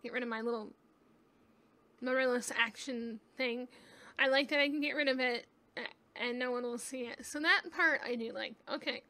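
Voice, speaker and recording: High, bright-voiced woman chatting over gameplay. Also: steady tone, normal speed. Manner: chatty and rambling, thinks aloud. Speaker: gaming YouTuber. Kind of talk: casual gameplay commentary. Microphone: webcam.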